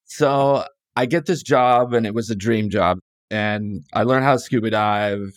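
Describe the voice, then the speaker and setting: Low, dry-miked man telling long stories with easy restarts and quoted voices. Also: a little slow, no echo. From California, USA. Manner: relaxed, rambling, frequent restarts and quoted dialogue. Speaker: guest author. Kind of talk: casual storytelling interview.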